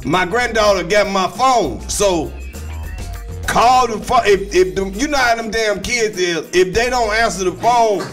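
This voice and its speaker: A man's voice: sits high, unhurried, fairly bright tone, faint music behind. A man voicing an old uncle and grandfather, rambling as he leaves a scolding voicemail.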